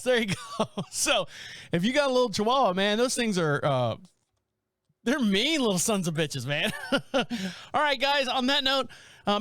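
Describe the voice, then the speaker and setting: Brief: male podcast host, high bouncy voice, loose casual commentary with fillers and laughs. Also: dry recording. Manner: animated, laughs often, chatty with fillers.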